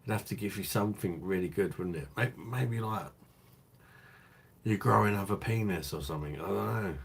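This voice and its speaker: A man's voice: on the low side, normal speed, creaky, slightly rough. A man hosting a live stream, chatting casually with crude jokes and frequent laughter. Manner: laughing, crude banter with chat.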